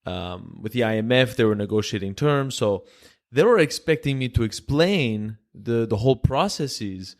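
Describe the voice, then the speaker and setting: A man's voice: medium pitch, lively intonation, normal speed. A man from Greece, a podcast guest telling a story in casual chat and acting out the voices of people he quotes.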